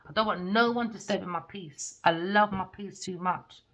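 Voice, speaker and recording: A woman's voice: mid-range voice, normal speed, a bit bright. A woman giving a casual tarot reading, talking bluntly and animatedly and swearing freely. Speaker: tarot reader.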